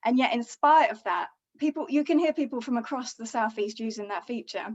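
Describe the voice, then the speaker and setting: Female academic, lecture-style explaining, slightly high pitch, lo-fi call audio. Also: brisk, darkish tone. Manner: fluent, explanatory, many fillers like you know and um. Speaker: linguist guest speaker. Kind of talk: explaining research on a webinar. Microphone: video call. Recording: dull video call audio.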